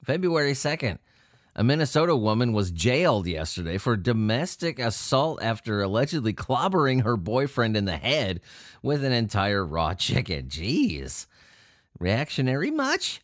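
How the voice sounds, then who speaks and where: A man's voice: mid-range voice, sing-song, moderate pace, dry recording, clean studio sound. Profane, joking man riffing on news. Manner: profane, joking, laughs through the reading. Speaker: host reading odd news stories. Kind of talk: casual solo commentary on news.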